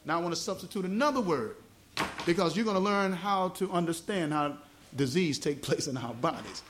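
A man's voice: on the high side, a little hiss or hum. A man with a Southern US accent preaching a teaching sermon at a fellowship meeting, spelling out words and asking the congregation questions. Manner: asks the congregation questions, explains words slowly. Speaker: gospel evangelist. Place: small church fellowship meeting.

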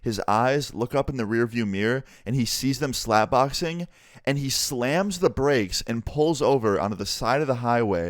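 Brief: young man, storytime vlogger, low-key and profane, dry close sound, average pitch. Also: normal speed, dry recording. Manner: laid-back, swearing, low-key delivery. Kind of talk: casual storytime vlog.

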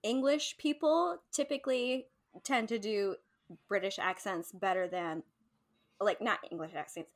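A woman's voice: medium pitch, a little slow. A woman co-hosting a casual podcast chat, talking loosely and laughing easily. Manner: chatty, laughing, swearing casually. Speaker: podcast co-host.

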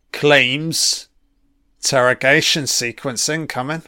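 A man's voice: on the high side, slow pace, a bit bright, clean tone, no echo, clean studio sound. A man giving casual, sarcastic film commentary, swearing constantly and mocking what is on screen. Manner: sarcastic, heavily profane, mocking.

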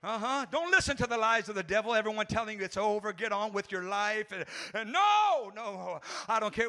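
A man preaching a fervent sermon as pastor, swinging from hushed passages to shouted ones and breaking into tongues. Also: sits high, expressive, fairly quick, hardly any pauses. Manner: speaks in tongues between phrases.

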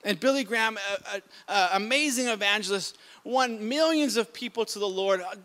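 A male pastor preaching a sermon with impassioned swings between calm talk and sudden loud emphatic bursts, often restarting his words. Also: sits high, normal speed. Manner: repeats and restarts words mid-sentence.

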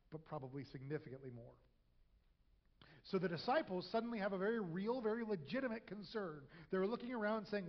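A man with a high voice preaches a conversational sermon and now and then acts out quoted voices with humor. His voice rings through a church hall with a long echo. The recording sounds dull and lo-fi. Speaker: pastor. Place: church sanctuary.

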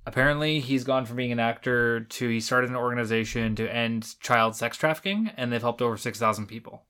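A man's voice: medium pitch, a little fast, pushed and bright, clean tone. A man co-hosting a podcast, telling a story in casual chat, rambling and correcting himself as he goes, with frequent swearing. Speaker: podcast co-host.

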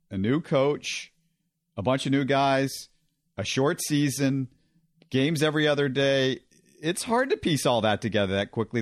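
A man's voice: mid-range voice, no room sound, studio quality. A man hosting a sports podcast, laying out basketball results steadily and putting questions to his co-host. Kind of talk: casual sports discussion.

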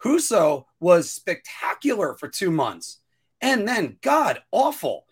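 A man co-hosting a casual podcast chat, rambling and restarting his sentences, now and then jumping up into a high-pitched whine. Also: slow, slightly rough. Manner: rambling, self-interrupting, animated with sudden high-pitched whining bursts. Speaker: podcast co-host.

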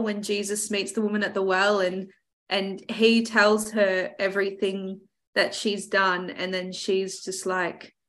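A woman host answers her guest in relaxed, conversational talk at a mid-range pitch. She reflects aloud, leaning on casual fillers as she thinks. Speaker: podcast host. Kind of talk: conversational interview.

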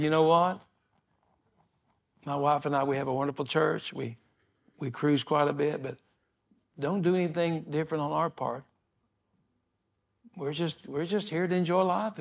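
Older male pastor, homespun sermon storyteller, slightly high-pitched. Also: normal speed, creaky, pauses often. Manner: folksy, repetitive, chuckling storyteller.

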